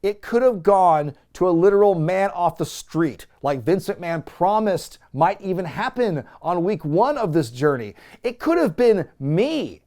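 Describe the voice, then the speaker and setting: A man hosting a wrestling review show, giving a casual, sarcastic, animated recap with some swearing. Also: high-pitched, unhurried, hardly any pauses.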